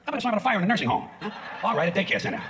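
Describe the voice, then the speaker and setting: Man, stand-up comedian, profane sarcastic rant, very fast delivery, lively swooping pitch. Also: slight background noise. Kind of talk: stand-up routine. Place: stage in front of an audience.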